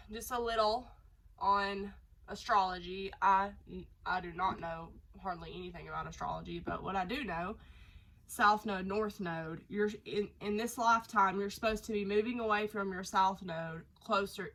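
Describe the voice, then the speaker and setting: Brief: woman tarot reader, congested nasal voice, relaxed rambling delivery, mid pitch. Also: poor audio. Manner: chatty, rambling, lots of fillers. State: nasal from a cold. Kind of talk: casual tarot reading to camera.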